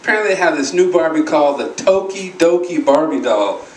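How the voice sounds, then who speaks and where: A man doing a stand-up comedy routine on a live stage, telling stories in an animated way and acting out what other people said. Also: on the high side, fairly quick. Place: live stage at a charity show. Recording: roomy, distant live recording with clear noise.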